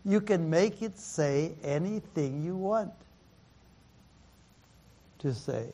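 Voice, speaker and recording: Slow-talking pastor, halting and repetitive. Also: male voice, on the high side, expressive, dark tone. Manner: halting, repeats words, laughs often, mixes in Mandarin phrases. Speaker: pastor teaching a Bible class. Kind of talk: sermon-style Bible teaching.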